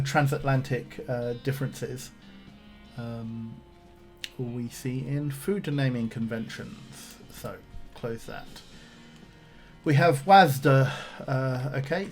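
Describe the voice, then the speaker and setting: A man's voice: medium pitch, a little mellow. A man streaming a video game, reading the on-screen text aloud and adding casual asides. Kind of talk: casual game let's-play commentary.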